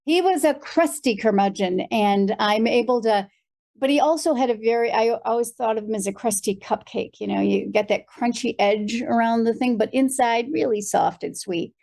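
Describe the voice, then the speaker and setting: Gravelly American woman telling stories. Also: fairly high pitch, moderate pace. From United States. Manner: animated storyteller, frequent fillers. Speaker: guest, performer. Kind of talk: conversational interview.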